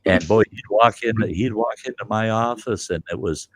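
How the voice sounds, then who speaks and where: A man's voice: lowish voice, normal speed, dry recording. An older man hosting a livestream, bluntly telling a story and acting out both sides of the argument. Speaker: livestream host. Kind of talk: casual storytelling.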